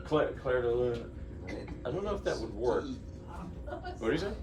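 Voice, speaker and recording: A pianist from New Jersey giving a lecture-recital chats informally between pieces in a small, living-room-like room, rambling and breaking off his own sentences in a lighthearted tone. His mid-range voice is expressive, with a moderate pace. A distant mic picks up faint room ambience and crowd noise.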